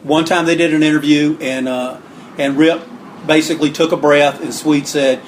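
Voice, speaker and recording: A man tells old stories in a loose, rambling way. His voice sits a little high, and he jumps higher still to act out what others said. A faint hiss of noise runs behind him. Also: steady tone, moderate pace. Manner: rambling, acts out quotes with raised pitch. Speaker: interview guest, wrestling book author. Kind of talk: casual storytelling.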